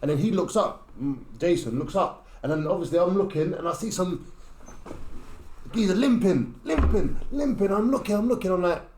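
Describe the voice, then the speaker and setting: A man's voice: sits high, animated, moderate pace, a little mellow, reverberant, a little hiss or hum. A man, a podcast guest who tells a casual story in a streetwise way and acts out what people said. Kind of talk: casual anecdote in a podcast chat.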